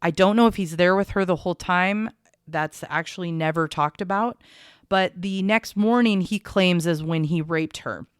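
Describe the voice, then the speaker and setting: A woman co-hosting a true crime podcast, recounting case details in a measured, conversational way. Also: on the low side, clean tone, no room sound, clean studio sound.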